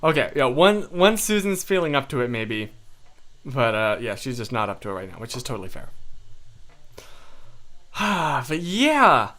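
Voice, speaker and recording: A man's voice: mid-range voice, very animated, unhurried, long pauses, fairly bright tone. A young man hosting a livestream, chatting casually with viewers in a rambling, self-deprecating way. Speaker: livestream host.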